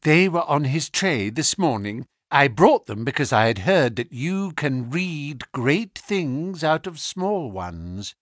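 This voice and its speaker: A man's voice: a little high, very animated, slow, hardly any pauses, fairly bright tone, exaggerated voice. A man voicing a respectful, worried middle-aged landlady who answers in a deferential, plain-spoken way, in an audiobook reading.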